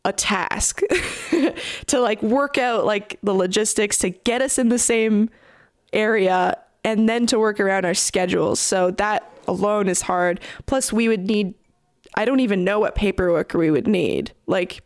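A woman's voice: mid-range voice, a little slow, no echo. Woman, young adult, from Canada, touring musician, casual interview, chatty storyteller, dry close sound. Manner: chatty, animated storyteller with many fillers.

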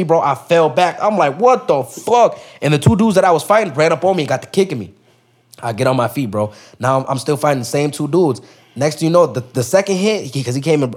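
A young man, a podcast guest, telling a story in casual street slang, full of profanity and acted-out quotes. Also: medium pitch.

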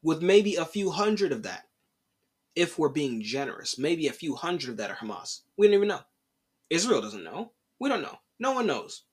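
A man's voice: a little high, very animated, moderate pace, husky. A young man hosting a solo opinion podcast, exasperated and casual, with slangy talk and repeated lines. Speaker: podcast host.

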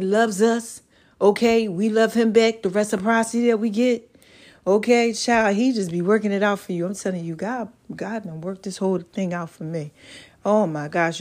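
A tired woman hosting a podcast, rambling in casual chat and urging her listeners on like a preacher. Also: a little high. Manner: rambling, folksy, exhorting. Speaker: podcast host.

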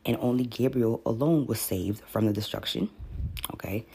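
A man's voice: medium pitch, moderate pace, warm tone, breathy edge. A man teaching on a podcast in a casual, rambling way, often repeating words and reading passages aloud.

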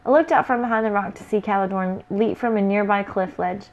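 Woman reading a fantasy adventure out loud, playful, first person, middle pitch. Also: flat delivery, fast, few pauses. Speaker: storyteller.

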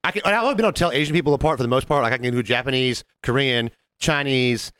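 A man co-hosting a casual podcast, telling an animated story and acting out the voices of the people in it. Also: mid-range voice, racing, clean tone, dry recording, studio quality. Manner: animated, jumps into mimicked voices of customers. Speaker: podcast co-host.

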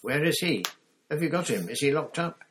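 Male narrator playing a frantic young boy wizard, raised higher and louder than his deep own voice, urgent and pleading. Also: lively intonation, moderate pace, noisy background, natural voice. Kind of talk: audiobook character voice.

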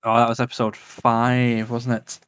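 A relaxed man chatting on a podcast, swearing casually and correcting himself mid-thought. His voice sits at a mid pitch. The recording is dry and close. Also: normal speed, smooth, no room sound. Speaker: podcast co-host. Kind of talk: casual chat.

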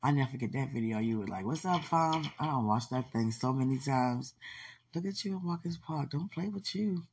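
A woman's voice: very deep voice, a little fast, a little mellow, a little hiss or hum. A woman hosting a podcast in casual livestream chat, effusive and affectionate and laughing often. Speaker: podcast host.

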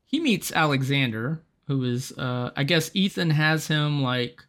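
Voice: medium pitch, expressive, a little slow, a bit bright. A podcast co-host casually recapping a TV episode, laughing often and swearing freely.

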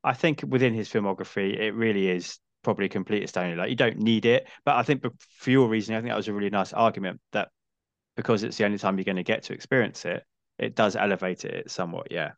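A man hosting a casual podcast, relaxed and affirming, with lots of agreeing murmurs. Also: lowish voice, fast, gravelly, no echo, lo-fi sound. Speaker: podcast host.

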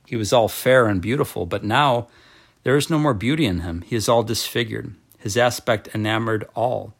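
Low-voiced man reading solemnly. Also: normal speed, vocal fry, slightly rough. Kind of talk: reading a devotional book aloud.

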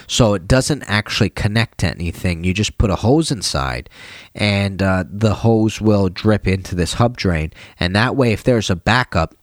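A man's voice: sits low, no room sound. A tired man vlogging casually about his plumbing work, chatty and slangy. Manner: chatty, slangy, animated when retelling. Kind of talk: casual vlog talk.

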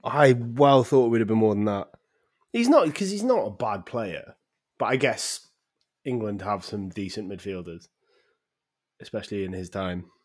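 A man's voice: lowish voice, lively intonation, moderate pace. A man co-hosting a casual football podcast, giving blunt, exasperated opinions. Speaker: podcast co-host.

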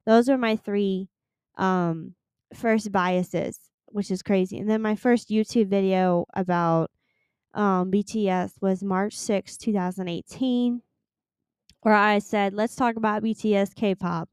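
A woman's voice: mid-range voice, fairly even intonation, takes it slowly, darkish tone, clean tone, no room sound, studio quality. A young woman hosting a solo podcast, chatting in a gushing, rambling way and swearing casually. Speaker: podcast host.

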